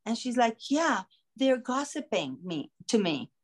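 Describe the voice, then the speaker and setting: A woman podcast host telling a story in a casual, animated way, acting out the voices of the people in it. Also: fairly high pitch, unhurried. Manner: animated, acts out quoted voices. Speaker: singer.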